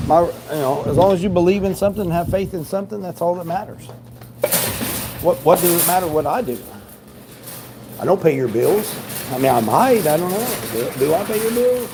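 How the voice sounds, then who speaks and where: A man's voice: high-pitched, expressive, normal speed, pauses often, noisy background. A man chatting casually with a live audience while picking a shopping order in a large store, joking and mildly exasperated. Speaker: livestreaming grocery shopper.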